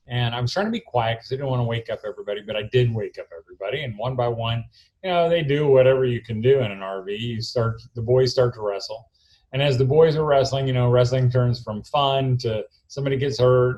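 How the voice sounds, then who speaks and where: A middle-aged man telling a story in a keynote talk, recorded alone in his barn, acting out his own quotes loudly. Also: mid-range voice. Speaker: homeschool speaker. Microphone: self-recorded camera.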